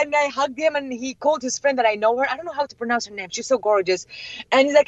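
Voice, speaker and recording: A young woman and interview guest whose first language is Chaldean, telling excited stories with many laughs and acted-out quotes. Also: high-pitched, quick pace, dry recording. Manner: animated, laughs often, acts out quotes. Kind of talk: excited storytelling. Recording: dull lo-fi, dry.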